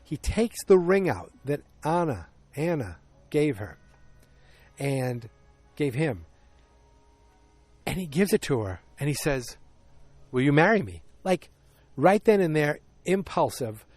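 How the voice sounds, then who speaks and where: A man hosting a casual solo podcast. He retells the story in a rambling way, with lots of fillers, self-corrections and excited asides. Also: a little high, slow, no echo. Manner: animated, exclamatory asides. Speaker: podcast host.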